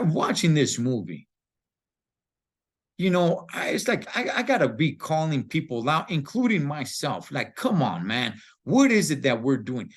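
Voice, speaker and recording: A man's voice: medium pitch, slightly rough. A man giving a casual, slangy movie review that turns into an emphatic pep talk.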